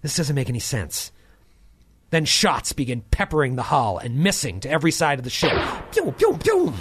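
Animated game master narrating sci-fi. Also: male voice, fairly quick, husky. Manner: dramatic storytelling, dropping low for tense scenes.

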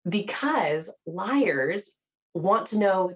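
A woman with a low-pitched voice talks through research as an interview guest. She explains briskly and with animated emphasis, often slipping into playful quoted voices to show an example. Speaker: author and body language researcher. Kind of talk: podcast interview.

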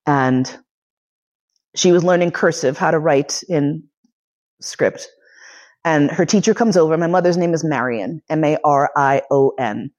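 A woman's voice: deep voice, unhurried, darkish tone, highs cut off. A woman in her forties giving a personal storytelling lecture, candid, profane and emotionally charged. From United States. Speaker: lecturer and podcast host.

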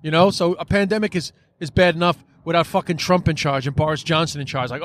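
A man's voice: a little high, fairly even intonation, fast, few pauses. A man hosting a podcast, talking in a casual, frustrated monologue, swearing often and filling his speech with "like" and "you know.". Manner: frustrated, profane, many fillers.

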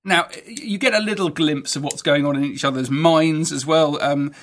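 A man hosting a history podcast, explaining events in an enthusiastic, conversational way with frequent halting restarts. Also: fairly high pitch, fairly bright tone. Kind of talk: educational podcast narration.

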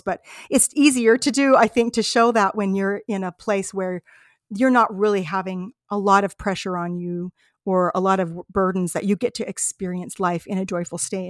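This is a personal storytelling monologue from an American podcast host, who reflects earnestly and warmly on her travel experiences. She talks at a normal speed in a mid-range voice, and the studio-quality audio has no room sound.

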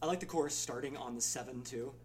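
A man's voice: medium pitch, quick pace, loud music behind the voice. A man co-hosting a podcast, agreeable and goofy while working out chords. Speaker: podcast co-host and musician. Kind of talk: casual songwriting chat.

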